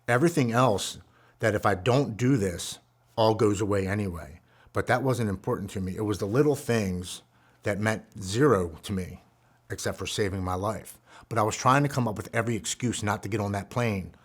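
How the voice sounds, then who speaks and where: A man in his forties with a low-set voice tells a personal story of struggle and recovery. He speaks earnestly and with feeling, often sinking into a soft, hushed tone when the memories turn heavy. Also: normal speed. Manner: earnest, emotional, drops to a hushed voice at heavy moments. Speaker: guest speaker.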